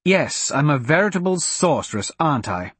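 A man reading an audiobook, voicing a spirited, sharp-tongued young princess with a sarcastic, defiant manner. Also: on the high side, sing-song, moderate pace, slightly rough, no echo, pitched above the performer's own voice. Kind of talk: audiobook character voice.

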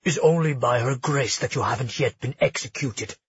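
A man's voice: mid-range voice, moderate pace, slightly rough, no echo, dull audio, pitched below the performer's own voice. A man voicing a stern, loyal male royal guard who speaks curtly and grimly in an audiobook. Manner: curt, grim.

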